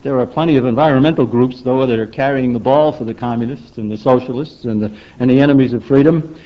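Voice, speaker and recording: A man's voice: medium pitch, fast. An older man giving a public lecture in an emphatic, rhetorical manner, often asking the audience for agreement. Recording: dull lo-fi recording.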